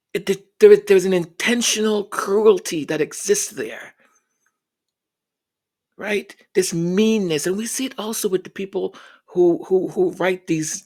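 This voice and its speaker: Man, earnest reflective commentary, slow deliberate delivery, repeats words, acts out quoted voices. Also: high voice, a little mellow. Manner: earnest, repeats words while searching for them.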